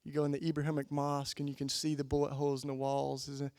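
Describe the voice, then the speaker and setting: A man giving an impassioned keynote sermon, telling stories and building to loud emphatic peaks before dropping low and quiet. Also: completely flat delivery, very fast, no room sound, studio quality. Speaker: keynote speaker. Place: conference hall.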